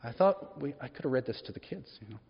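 A man's voice: mid-range voice, expressive, fast, gravelly, breathy edge. A man preaching a sermon in a church, talking in a conversational way and asking the congregation questions as he goes. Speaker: pastor. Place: church hall. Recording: echoey hall, dull lo-fi sound.

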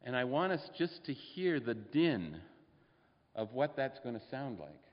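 A man's voice: medium pitch, very animated, unhurried. A man preaching a sermon in a church, speaking conversationally and putting questions to the congregation. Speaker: pastor. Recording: dull lo-fi recording with long hall reverb.

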